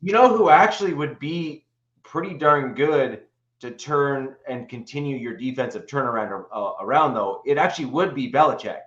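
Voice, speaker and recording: Measured man on a dull line. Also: medium pitch, a bit bright. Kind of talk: casual sports podcast chat.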